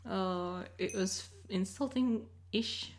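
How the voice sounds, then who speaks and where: A woman's voice: mid-range voice, slow pace, background noise. An Australian woman giving casual commentary over her recorded gameplay, rambling and often breaking off mid-sentence. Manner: rambling, self-interrupting, chatty. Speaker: Minecraft let's player.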